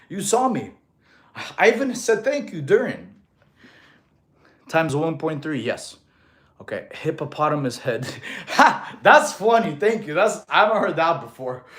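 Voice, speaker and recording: A man in his thirties from Russia, streaming live as a fitness coach and chatting through viewer comments, a little out of breath after exercise. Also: a little high. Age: 30s. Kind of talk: casual livestream chat.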